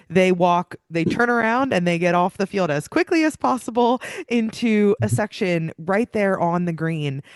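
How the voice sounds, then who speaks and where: A woman's voice: medium pitch, no echo, studio quality. A woman hosting a podcast, asking questions with eager enthusiasm. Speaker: podcast host. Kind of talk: podcast interview.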